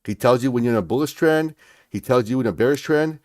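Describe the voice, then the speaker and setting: A man's voice: medium pitch, quick pace, a little mellow, no room sound. Pumped-up male livestream host, dry sound. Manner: pumped, repetitive, keeps saying "folks, all right?". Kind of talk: hyped market commentary livestream.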